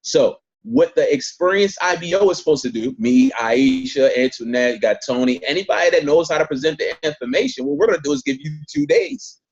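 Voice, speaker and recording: A man's voice: fairly high pitch, very animated, fairly quick, few pauses, breathy edge. Pumped-up guy running a sales training on zoom, keeps repeating himself, muffled lo-fi audio. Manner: emphatic, repeats points, talks straight to the group. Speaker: network marketing trainer. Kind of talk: motivational sales training on a video call. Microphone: video call.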